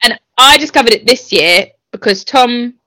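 Woman, podcast co-host, casual enthusiastic chat, crisp bright tone, dry sound. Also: on the high side, lively intonation, normal speed, no echo, poor audio. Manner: chatty, enthusiastic, laughs easily.

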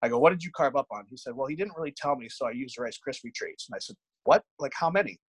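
A bodybuilding coach chats on a casual podcast, telling candid stories, swearing freely and acting out the dialogue in animated anecdotes. His voice is mid-range, husky and quick, with no echo but poor audio quality.

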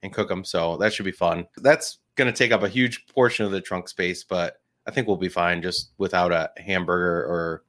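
A man with a fairly low voice co-hosting a podcast. He rambles through casual stories, leaning on fillers and restarting his sentences as he goes. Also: steady tone, moderate pace, few pauses, a bit bright. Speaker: podcast co-host.

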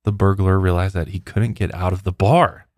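A man's voice: sits low, steady tone, normal speed, darkish tone, dry recording, clean studio sound. A man co-hosting a podcast, casually reading out odd news stories and laughing often. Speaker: podcast co-host.

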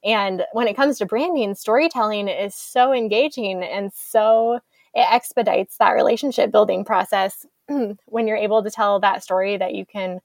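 A woman's voice: mid-range voice, moderate pace, vocal fry, darkish tone, no echo. A woman hosting a podcast, talking in a reflective, thinking-aloud way. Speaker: podcast host. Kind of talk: casual podcast interview.

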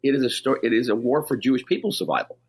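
A man's voice: medium pitch, sing-song, racing, a little mellow, husky. A man being interviewed on the radio, speaking urgently and emphatically, often restarting his sentences. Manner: emphatic and insistent, with frequent restarts. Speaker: ambassador, interview guest.

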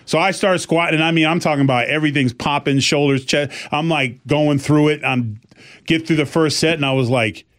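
A man chatting casually on a podcast, telling comic stories with animated energy. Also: a little high, brisk. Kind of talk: casual chat.

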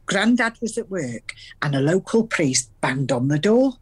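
A woman's voice: low-pitched, very animated, husky, exaggerated voice. An actress playing an older Salford grandmother with a Salford accent, who tells earthy stories from the past with plenty of laughs. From Salford, England. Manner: storytelling, earthy, quick to laugh. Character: warm chatty Salford grandmother with dementia.

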